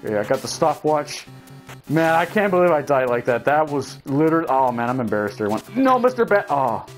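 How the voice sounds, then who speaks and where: A young man giving casual gameplay commentary, swearing, shouting at enemies and talking to his viewers as he plays. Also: medium pitch, a little fast, soft background music. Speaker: let's play gamer.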